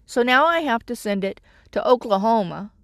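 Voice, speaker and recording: A woman's voice: on the high side, animated, normal speed, a bit bright, no echo, clean studio sound. A middle-aged woman vlogging casually, telling a rambling, exasperated story about her troubles. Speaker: vlogger living in her vehicle. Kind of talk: casual chat.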